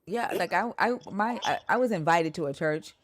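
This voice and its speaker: Woman, casual talk, lower-pitched, blunt and animated storyteller who swears freely. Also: moderate pace. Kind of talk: casual conversation about church experiences.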